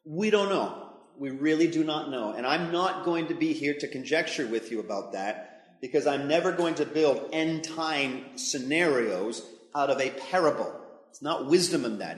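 A man preaching a sermon as pastor, conversational and emphatic, speaking in a church hall. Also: medium pitch. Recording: echoey hall with long reverb.

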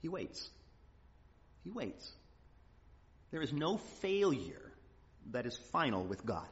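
A man's voice: mid-range voice, sing-song, slow. A man preaching a conversational sermon, folksy and earnest, now and then acting out quotes. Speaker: pastor. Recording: muffled hall recording.

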